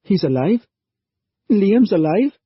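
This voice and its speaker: Stubborn, snappy young woman for an audiobook, played by a male narrator; raised pitch, dry sound. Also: fairly even intonation, unhurried, slightly rough, dry recording. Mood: eager pleading. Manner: snappy, then eager. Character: sharp-tongued young woman, curious and stubborn. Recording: dry, slightly dull audiobook recording.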